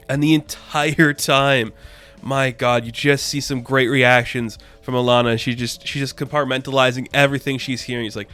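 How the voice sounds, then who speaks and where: Excitable man with a smooth voice. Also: mid-range voice, normal speed, faint music behind. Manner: excitable, slangy, peppers talk with "man" and "crazy". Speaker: comic book reviewer. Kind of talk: casual review monologue.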